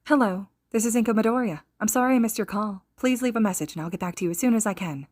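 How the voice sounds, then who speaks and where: A woman's voice: medium pitch, fast, no echo, studio quality, pitched above the performer's own voice, lightly acted. A woman voicing a young mother's polite voicemail greeting, in a podfic reading. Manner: bright, polite, recorded-greeting tone.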